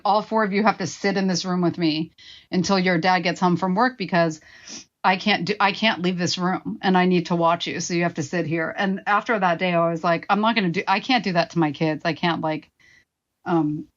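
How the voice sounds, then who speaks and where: A woman's voice: fairly low pitch, steady tone, a little fast, highs cut off. A woman in her forties, a guest telling her own story frankly and with swearing, acting out her past remarks. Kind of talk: candid personal storytelling.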